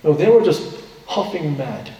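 A male pastor delivers a sermon in a soft-toned, slightly high voice, explaining the passage earnestly and posing rhetorical questions. He sounds distant from the mic. A large hall's long reverb trails after every phrase. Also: very animated, moderate pace, slight background noise. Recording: echoey hall from far off.

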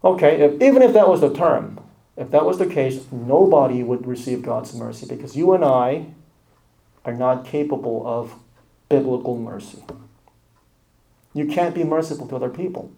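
A man's voice: mid-range voice, expressive, normal speed, creaky, warm tone, poor audio. A man preaching a sermon, earnest, building emphasis with short repeated phrases. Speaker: pastor.

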